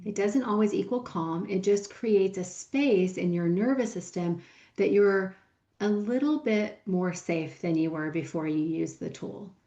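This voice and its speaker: A woman co-hosting a podcast as a coach, explaining steadily in a gentle teaching tone. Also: medium pitch, measured pace, reverberant, dull audio. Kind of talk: casual podcast conversation.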